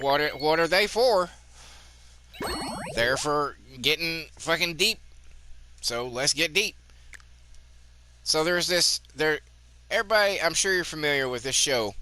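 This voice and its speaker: This man's voice sits on the high side and sounds pushed and bright. He hosts a gaming channel, rambling candidly in a twangy Southern drawl and swearing freely through casual gameplay commentary.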